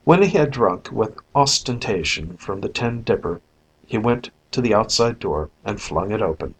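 A man narrating a story in an even, measured audiobook reading. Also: fairly low pitch, breathy edge, low-quality recording. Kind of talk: scripted narration.

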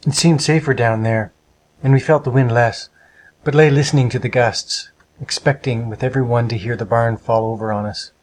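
Man, storybook narrator, husky, steady measured reading. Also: mid-range voice, rough recording.

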